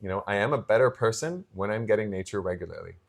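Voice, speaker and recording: A man with a lowish voice co-hosts a relaxed podcast conversation. He tells reflective stories, often restarting his sentences and leaning on fillers as he goes. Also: fast, vocal fry. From Pacific Northwest coast. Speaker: podcast co-host. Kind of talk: casual chat.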